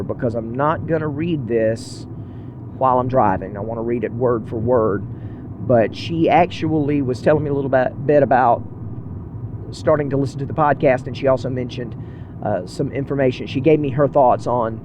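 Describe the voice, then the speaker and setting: Driving along, a man hosts his podcast solo, talking to listeners in an earnest, rambling, self-deprecating way from inside the car. His mid-range voice moves at a moderate pace against a noisy background.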